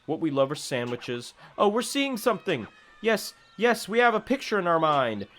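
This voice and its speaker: A man's voice: high-pitched, very animated, normal speed, fairly bright tone, slight background noise, pitched above the performer's own voice. King of All Cosmos, a man doing a pompous royal voice. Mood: grandiose. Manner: haughty, demanding, speaks in the royal we. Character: pompous grandiose male cosmic king, royal "we". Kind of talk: reading game dialogue aloud in a voice.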